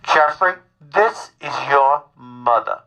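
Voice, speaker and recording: A man voicing an older mother who calmly and slowly insists, worried about her son. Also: medium pitch, poor audio. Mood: calmly nagging. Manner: slow, deliberate, calmly insistent.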